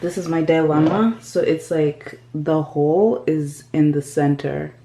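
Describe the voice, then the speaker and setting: A woman with a deep, low voice talks her way through a home vlog at an easy, unhurried pace. She rambles casually, leaning on fillers as she thinks aloud. Clear background noise from the home sits under her voice. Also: warm tone. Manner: chatty, rambling with frequent "like". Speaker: vlogger. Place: at home, indoors.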